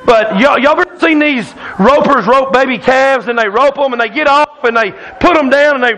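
A man's voice: very high-pitched, normal speed, background noise. A man preaching a sermon in a church, telling a folksy hunting story that keeps the congregation laughing. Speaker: pastor. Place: church sanctuary.

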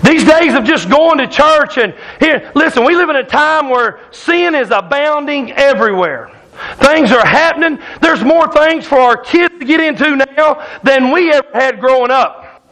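A man's voice: very high-pitched, animated, moderate pace, bright, forceful tone, rough recording. A man preaching a sermon in a church, telling a folksy hunting story that keeps the congregation laughing. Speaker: pastor. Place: church sanctuary.

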